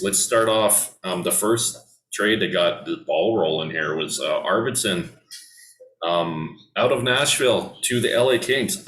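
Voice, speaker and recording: A man's voice: lowish voice, a bit bright, roomy sound, rough recording. A man hosting a casual hockey podcast, talking loosely with many ums and restarts. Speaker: podcast host. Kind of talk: casual sports chat.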